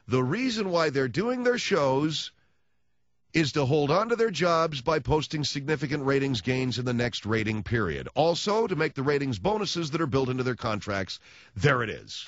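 A man hosting a radio talk show, delivering a mock-solemn, sarcastic announcement in a deadpan way into a studio microphone. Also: medium pitch, normal speed, no room sound, highs cut off. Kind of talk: sardonic radio monologue.

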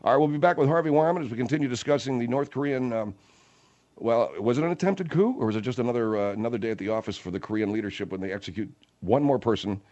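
A man hosting a comedy talk radio show, brisk in promos and exasperated in banter. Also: mid-range voice, darkish tone, lo-fi sound.

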